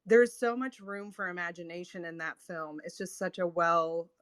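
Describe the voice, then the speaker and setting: A woman's voice: lowish voice, fairly even intonation, moderate pace, fairly bright tone, smooth, no echo. A woman hosting an online audio room, chatting loosely with many ums and little laughs. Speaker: host. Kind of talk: casual chat.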